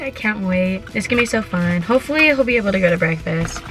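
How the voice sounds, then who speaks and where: A teenage girl vlogging from her parked car, chatty and excitable, giggling often and filling her talk with "like.". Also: mid-range voice, quick pace, few pauses, music in the background. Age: teens. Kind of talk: casual vlog chat. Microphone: handheld camera.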